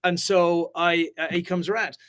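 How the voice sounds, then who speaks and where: A man hosting a live business talk, hyped and fast-flowing, swearing casually and swinging between loud and quiet. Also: high-pitched, level tone, smooth. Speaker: host. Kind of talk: energetic live-stream chat.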